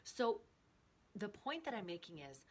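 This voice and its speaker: A middle-aged woman talks casually and earnestly about her day, her voice growing animated and excited as she tells it. Her pitch sits in the middle range. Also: unhurried. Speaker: host. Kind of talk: casual personal talk.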